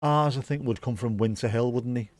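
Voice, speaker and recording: A man's voice: mid-range voice, a little fast, darkish tone, dry recording, studio quality. A man hosting a live match watchalong, chatting casually and rambling between dad jokes. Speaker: watchalong host.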